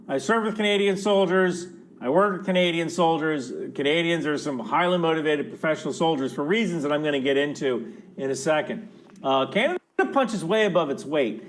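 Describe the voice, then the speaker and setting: A man's voice: a little high, slight background noise. A man giving casual commentary as a military analyst in a clip from another video, talking loosely with fillers and restarts.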